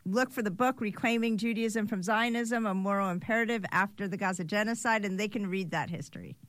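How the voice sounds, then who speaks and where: A woman hosts an interview and asks her questions in a measured, careful way. Her voice sits in the middle range and sounds dry and close, with no room echo. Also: mid-range voice. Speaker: interviewer host.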